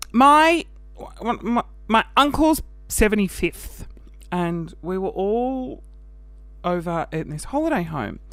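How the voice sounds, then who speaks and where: A man's voice: high-pitched, dry recording. Breathless, jokey man podcasting. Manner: animated, jokey and self-mocking, with sudden whispers. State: out of breath after the gym. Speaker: podcast host. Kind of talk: casual solo podcast chat.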